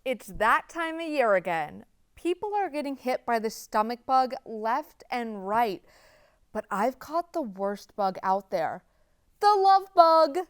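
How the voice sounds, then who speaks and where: Young woman, twenties, show host, deadpan sarcastic monologue, bouncy lively pitch, clean dry sound. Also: unhurried, clear, resonant tone, dry recording. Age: 20s. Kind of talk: scripted comedic monologue.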